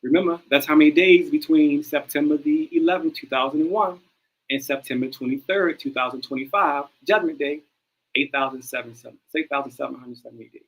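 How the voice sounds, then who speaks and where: Male livestream host, somewhat high-pitched, animated commentary while reading aloud. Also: normal speed, low-quality recording. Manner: animated, repeats phrases as he reads them.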